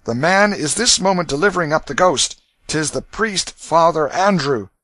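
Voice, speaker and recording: A man's voice: a little high, animated, normal speed, sharp tone, dry recording, pitched above the performer's own voice. A man reading aloud, voicing a male stranger at the door who urgently warns of danger. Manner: urgent, warning.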